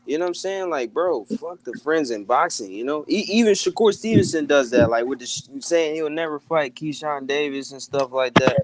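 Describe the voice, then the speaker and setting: Male guest, slightly high voice, laid-back, clear background noise behind him. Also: lively intonation, normal speed, hardly any pauses. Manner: laid-back, swearing, says bro a lot. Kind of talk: casual boxing chat. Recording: noisy background.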